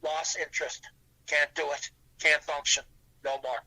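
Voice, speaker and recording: Older guy rambling thru long stories, really bright ringing voice, bit high. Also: fairly even intonation, unhurried, low-quality recording. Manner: rambling, long anecdotes with restarts and fillers. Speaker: guest. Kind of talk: casual podcast chat.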